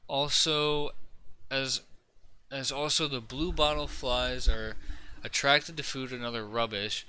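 Bright-voiced man telling loose stories. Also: medium pitch, slow, a little hiss or hum. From Canada. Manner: loose, animated storytelling with swearing and laughs. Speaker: podcast co-host. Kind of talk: casual chat among friends.

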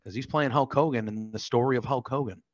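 A man's voice: medium pitch, fast. American male co-host, enthusiastic and effusive, somewhat muffled call audio. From United States. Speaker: podcast co-host. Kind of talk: casual chat. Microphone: video call.

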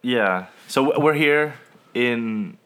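A young man co-hosting a casual podcast from his bedroom, playful and quick to laugh. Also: mid-range voice, expressive, fairly bright tone, smooth. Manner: laughs often, playful and joking. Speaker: podcast co-host. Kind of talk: casual chat.

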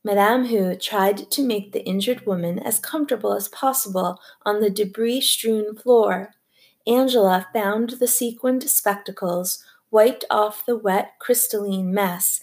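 A woman narrating a novel as an audiobook reader, with a measured, even storytelling delivery. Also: medium pitch. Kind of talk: scripted narration.

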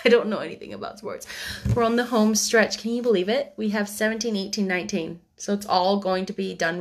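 A woman reading a children's book aloud chapter by chapter, soft and gentle, dropping to a whisper at tense moments. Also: medium pitch. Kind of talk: chapter-by-chapter read-aloud storytelling.

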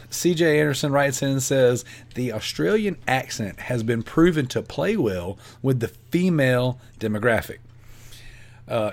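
A man co-hosting a podcast, reading listener questions and teasing the others, laughing often. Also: mid-range voice. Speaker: podcast co-host. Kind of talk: casual podcast banter.

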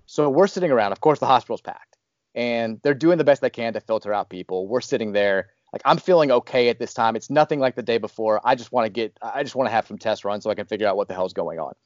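A podcast host telling a personal story in a casual, animated, rambling way. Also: male voice, mid-range voice, fast, no room sound, dull audio. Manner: animated, rambling, restarts often.

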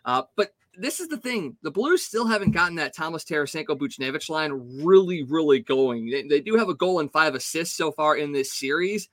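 A man breaks down hockey games on a casual podcast, talking with animated conviction. His voice sits a bit high and sounds bright. The recording is dry and close. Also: a little fast, hardly any pauses, no echo. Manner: animated, opinionated hockey analysis. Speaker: podcast co-host. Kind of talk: casual sports talk.

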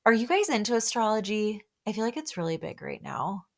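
A woman's voice: mid-range voice, very animated, fairly quick, gravelly. A young woman hosting a podcast, chatting casually and gushing as she recaps a reality show, full of "like" and little laughs. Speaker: podcast host.

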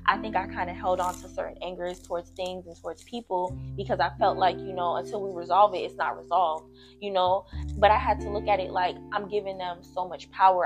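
A young woman talks through her feelings in an easygoing, reflective way, often circling back with "you know". Guitar music plays clearly underneath her. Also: on the low side. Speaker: daughter in family conversation. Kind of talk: casual heartfelt chat.

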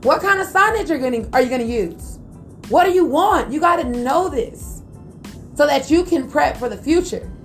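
A woman hosting a motivational business podcast, speaking in a lively, preachy way and talking straight to her listeners. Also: high-pitched, moderate pace, faint music behind. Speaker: podcast host.

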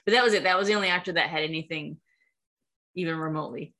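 A woman co-hosting a casual film discussion, chatty and animated. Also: sits low, quick pace. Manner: animated, chatty, laughs often. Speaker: podcast co-host.

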